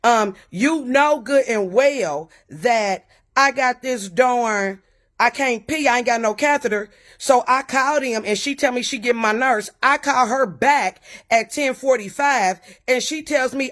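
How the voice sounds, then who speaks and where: A woman's voice: high voice, moderate pace, fairly bright tone. A woman tells her viewers a personal story in loose, colloquial speech. She is emphatic and indignant, and she swears now and then as she presses each point. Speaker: vlogger telling a personal story.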